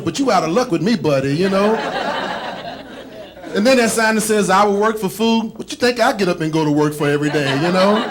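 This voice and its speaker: A man from Texas doing a stand-up comedy set, chatty and working the crowd with lots of "man" and "you know", recorded live in a comedy club. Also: sits high.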